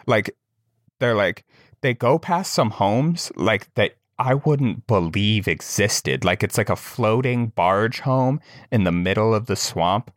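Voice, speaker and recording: A podcast co-host rambles through a long story in casual conversation, full of fillers and restarts. His lowish voice is animated and slow, captured as clean studio sound with no echo.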